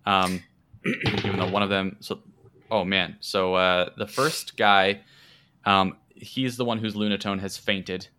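Low, bright-voiced game master. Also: male voice, flat delivery, unhurried, smooth. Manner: hesitant, many fillers, playful. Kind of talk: narrating a tabletop game.

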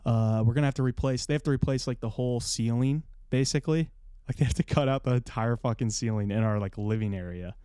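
A man's voice: medium pitch, fast, warm tone, smooth, no echo, studio quality. A young man telling a story on a podcast in casual chat, swearing freely and acting out what others said in a raised voice. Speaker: podcast co-host.

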